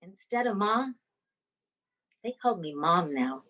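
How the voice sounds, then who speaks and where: A woman's voice: on the low side, unhurried. A woman performing a dramatic personal story over a video call. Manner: dramatic, expressive delivery.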